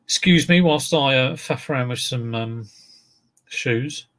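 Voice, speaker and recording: Guy rambling to his stream viewers while listing stuff, gravelly voice. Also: mid-range voice, measured pace, fairly bright tone. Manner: chatty, rambling, talks to viewers while handling items. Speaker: reseller livestream host. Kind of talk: casual livestream chat while listing items.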